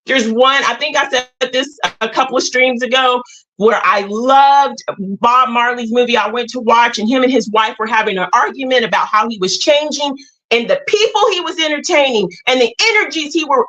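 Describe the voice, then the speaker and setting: A woman with a high, sharp voice talks straight to her livestream viewers. She is emphatic and blunt, with a preachy edge as she lays out her spiritual views. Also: moderate pace, rough recording. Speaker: livestream host. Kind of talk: impassioned spiritual talk to viewers.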